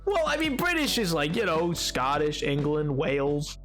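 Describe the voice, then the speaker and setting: A man's voice: fairly high pitch, sing-song, unhurried, fairly bright tone, soft background music. A young adult man chatting casually on a gameplay stream, rambling and playful, often stumbling over his words.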